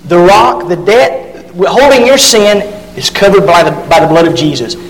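High-voiced preacher in a reverberant hall. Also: male voice, expressive. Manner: emphatic, drawn-out stresses on key words. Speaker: pastor. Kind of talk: sermon with scripture reading.

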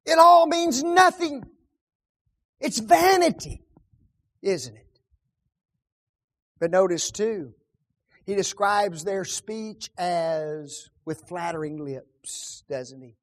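A man preaching on a psalm, firing rhetorical questions and repeating key words, often dropping his voice to a hush. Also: high-pitched, lively intonation, takes it slowly, long pauses. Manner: rhetorical questions, dramatic drops to hushed tones. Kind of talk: sermon on a psalm.

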